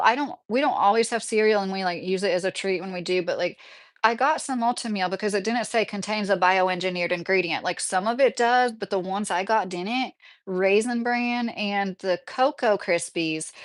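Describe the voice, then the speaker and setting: A woman in her thirties chatting casually as a vlogger, rambling with many fillers while reading viewer comments aloud. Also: medium pitch. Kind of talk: casual chat.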